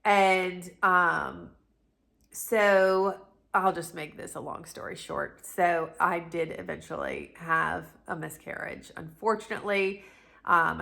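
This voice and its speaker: Speaking with vocal fry in a fairly low register, this middle-aged North Carolina woman vlogs about lifestyle topics. She's casually recounting something personal to camera, animated and chatty, often restarting and wandering into asides.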